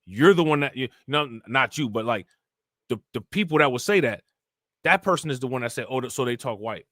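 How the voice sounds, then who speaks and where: Bright-voiced man ranting on a livestream. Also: mid-range voice, fairly quick, dry recording, clean studio sound. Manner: animated, ranting, slangy. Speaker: livestream host reacting to news. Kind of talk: casual livestream commentary.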